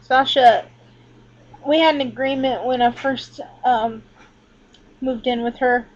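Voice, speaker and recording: Woman venting into her laptop at home, kinda high voice, swears a lot, rambles, audio sounds dull and muffled. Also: fairly even intonation, slow. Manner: candid, rambling, frequent swearing. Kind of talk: casual webcam vlog. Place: indoors at home, leaning back from laptop. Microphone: laptop built-in mic.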